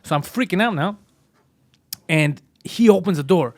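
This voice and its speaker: A man co-hosting a comedy podcast, telling a story in a rapid, profane way and acting out the people in it. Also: high voice, lively intonation. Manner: rapid, profane, acts out the people in his stories. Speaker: podcast co-host.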